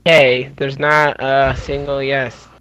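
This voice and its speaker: A man running a roll-call vote in a casual group voice chat, joking as he goes and a bit hoarse. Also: medium pitch, level tone, slow, background noise.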